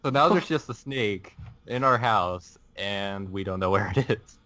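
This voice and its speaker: A teenage boy co-hosting a casual podcast, telling a long story in a somewhat low voice. He rambles, laughs partway through his sentences and restarts his thoughts as he goes. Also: a little slow, bright, forceful tone. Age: teens. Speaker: podcast co-host.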